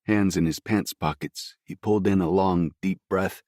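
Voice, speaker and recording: A man with a deep, low voice reads a first-person story in a slow, somber way. The sound is dry and close, with no room around it. His reading is scripted and steady. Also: no room sound. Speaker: audiobook narrator.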